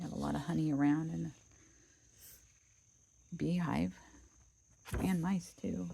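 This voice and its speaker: Lady reading a kids storybook out loud, low gravelly voice, laid back, chats in between. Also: slow, pauses often, poor audio. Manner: relaxed, chatty asides, abridges the story. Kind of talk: casual storybook read-aloud.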